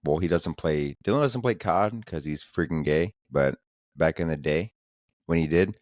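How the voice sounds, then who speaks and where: A man with an extremely deep, low voice hosts a solo podcast, rambling loosely from one thought to the next and peppering his talk with crude jokes and swearing. The sound is close and dry, with no room echo. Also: normal speed, darkish tone. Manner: rambling, profane, joking. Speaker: podcast host.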